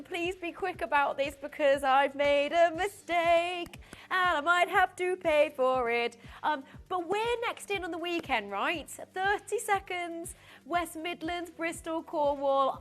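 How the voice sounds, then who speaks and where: A woman's voice: high voice, lively intonation, measured pace, a bit bright. A woman presenting live on a TV shopping channel, chatty, giggly and easily flustered, talking straight to viewers. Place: TV studio.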